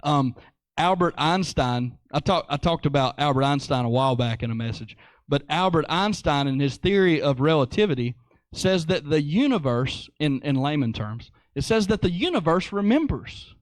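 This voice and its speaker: A man preaches a sermon with lively conviction, returning to key phrases again and again to drive them home. His voice sits a little higher than most men's, and the sound is close and dry. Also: moderate pace, dry recording. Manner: animated, repeats phrases for emphasis.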